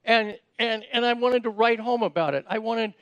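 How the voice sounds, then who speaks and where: High-voiced man preaching a casual sermon. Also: normal speed, fairly bright tone, clean tone, no room sound, muffled recording. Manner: conversational, repeats words when starting sentences, asks the audience questions.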